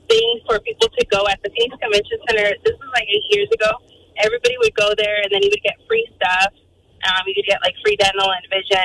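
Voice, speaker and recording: A woman calling into a radio show, telling a story in an animated way, full of fillers and acted-out quotes. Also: a little high, poor audio. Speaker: caller.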